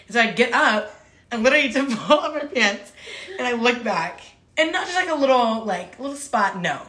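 Young woman, lively storyteller, bright tone, roomy echo. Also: on the high side, fast. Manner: animated, acts out quotes, laughs often. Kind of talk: casual chat, storytelling. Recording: echoey room.

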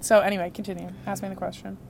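A woman's voice: medium pitch, rapid-fire, creaky. A young woman being interviewed on a casual podcast. She talks freely and acts out what other people say as she tells her stories. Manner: animated storyteller, acts out other people's lines. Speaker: interview guest.

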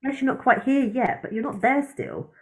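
A woman relationship coach chats as a podcast guest. She speaks in an encouraging way and slows down to stress her points. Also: sits high, a little mellow, low-quality recording. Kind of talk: casual chat.

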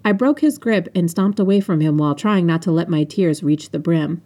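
A woman's voice: on the low side, moderate pace, warm tone. A woman reading her own first-person audiobook, unedited, with casual asides. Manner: casual narration with offhand asides. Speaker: author and audiobook narrator.

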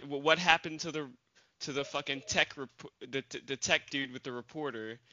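A man's voice: medium pitch, moderate pace, pushed and bright. A man co-hosting a casual podcast chat, blunt and cursing freely with stammered restarts. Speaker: podcast co-host. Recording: dull lo-fi recording.

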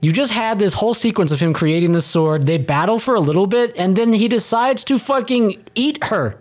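Chill guy with a kinda high voice going over a movie plot, casual podcast chat. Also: expressive, brisk, darkish tone. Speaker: podcast co-host.

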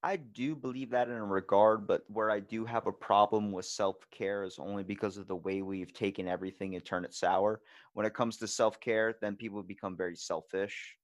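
A man's voice: lowish voice, steady tone, normal speed, dry recording, clean studio sound. A man hosting a podcast, talking bluntly and casually, swearing freely as he tells stories. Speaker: podcast host. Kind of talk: casual conversation.

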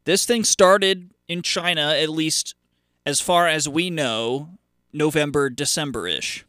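A male radio host talking off the cuff in a bright, crisp voice, sarcastic and rambling. His speech is full of fillers and restarts. The sound is close and dry. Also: on the high side, takes it slowly, no echo. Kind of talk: casual solo radio monologue.

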